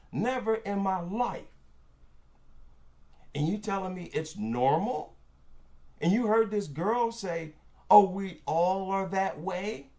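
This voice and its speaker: Slow, emphatic high-pitched man. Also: darkish tone. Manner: emphatic, indignant, repeats lines for stress. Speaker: commentator. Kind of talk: opinion commentary video.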